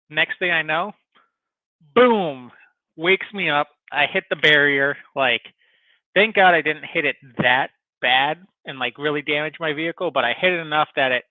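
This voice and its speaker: A man's voice: on the high side, dry recording. A man hosting a casual podcast, telling a long story full of profanity and filler words. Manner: profane, rambling, animated storytelling. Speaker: podcast host. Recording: tinny phone-like sound.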